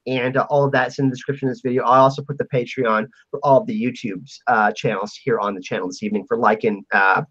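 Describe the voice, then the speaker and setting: A man hosting a casual podcast panel stream, making rambling, excitable announcements over a remote mic. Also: mid-range voice, fast talker, few pauses, breathy edge. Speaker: podcast host. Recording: muffled lo-fi stream audio.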